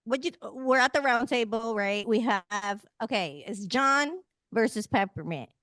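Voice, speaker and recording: Animated, foul-mouthed woman recapping TV. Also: on the high side, measured pace, dry recording, studio quality. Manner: animated, profane, acts out cast members' lines. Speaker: podcast co-host. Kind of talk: casual recap chat.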